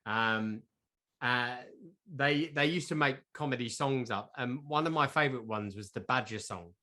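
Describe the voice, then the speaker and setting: A man's voice: medium pitch, normal speed, bright, forceful tone. A man from southern England, co-hosting a casual comic chat, rambling playfully. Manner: rambling, playful, sings silly jingles. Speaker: podcast co-host.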